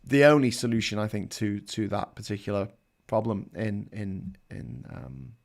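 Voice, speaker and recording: A man's voice: on the low side, moderate pace, gravelly. Man, Scouse accent, live-stream host, casual rambling chat, sarcastic asides. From Liverpool, England. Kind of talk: casual chat reading headlines.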